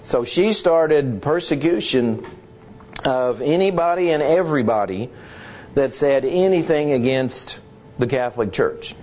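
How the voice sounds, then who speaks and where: A middle-aged man teaching history informally, halting and often clearing his throat. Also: mid-range voice, lively intonation, a little mellow.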